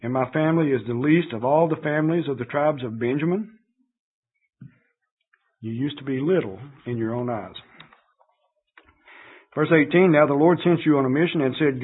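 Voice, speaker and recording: A male pastor delivers a sermon in an earnest, conversational tone, reading verses and pausing to comment. His voice sits a little higher than most men's and has a husky edge. The sound is narrow and tinny, like a phone line or an old radio broadcast. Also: lively intonation. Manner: earnest, reads scripture aloud and comments with fillers.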